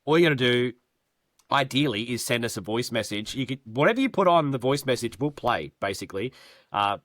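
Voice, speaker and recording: A man's voice: mid-range voice, animated, brisk, a bit bright, no echo, studio quality. A man co-hosting a sports podcast, bantering crude jokes in casual chat. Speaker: podcast co-host.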